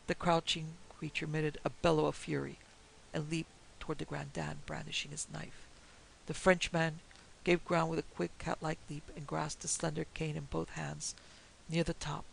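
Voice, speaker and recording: A woman narrating a classic horror story in a steady, measured storytelling manner. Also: deep voice, creaky, slight background noise, rough recording.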